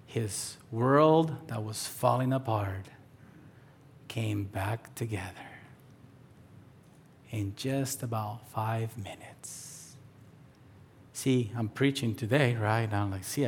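A man in his thirties preaching a sermon as pastor, telling stories and acting out the voices in them, sometimes dropping to a soft near-whisper. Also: mid-range voice, takes it slowly, long pauses, slight background noise. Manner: storytelling, acts out voices in quotes, drops to soft near-whisper.

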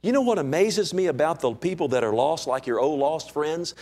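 A man preaching a sermon as pastor, animated and conversational, with many rhetorical questions. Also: fairly high pitch, a little fast.

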